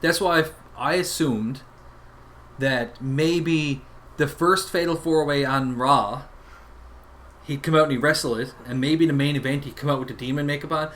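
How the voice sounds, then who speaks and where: A man co-hosting a podcast, chatting casually and thinking aloud in a measured way. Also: a little high, a bit bright, a little hiss or hum. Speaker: podcast co-host. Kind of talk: casual wrestling chat.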